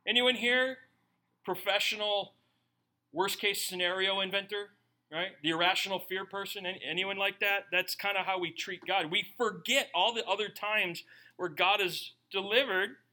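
A pastor with a high, strikingly bright voice delivers a sermon at a moderate pace, chatting with his congregation and slipping into playful voices for the people he describes. He's lively and animated throughout.

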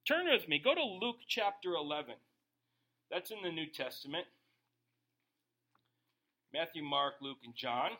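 High, bright-voiced preaching man. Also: unhurried, long pauses. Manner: animated preaching, rhetorical questions, acted-out inner voices. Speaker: pastor. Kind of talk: sermon.

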